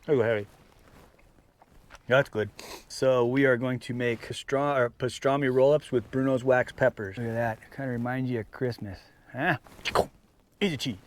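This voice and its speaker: Here an outdoor vlogger speaks in a steady, medium-pitched voice at a moderate pace. Chatting casually to the camera at a mountain campsite, he talks to his dogs while he sets out snacks.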